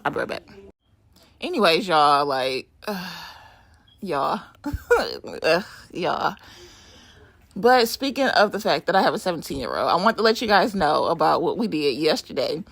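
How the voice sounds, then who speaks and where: A middle-aged woman giving a casual, animated voiceover for a nail art vlog, laughing and swearing as she chats from a room at home. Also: medium pitch, creaky, no echo.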